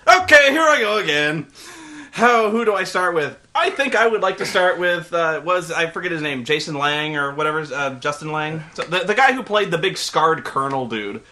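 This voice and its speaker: A man rants through a casual movie review with animated, profane sarcasm. His voice sits high and sounds bright and sharp. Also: moderate pace. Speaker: co-host.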